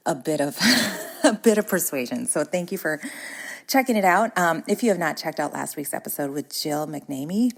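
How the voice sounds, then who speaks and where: Chatty low-voiced woman with a gravelly edge. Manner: upbeat, chatty, laughs often. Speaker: podcast host and business coach. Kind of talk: casual podcast monologue. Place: corner of her home.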